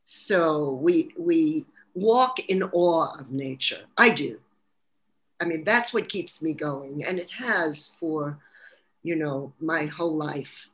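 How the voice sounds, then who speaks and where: New York woman, low-pitched and earnest. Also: slow, a bit bright. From Brooklyn, New York. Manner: earnest, spiritual, many restarts. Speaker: holistic practitioner guest. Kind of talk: casual interview talk.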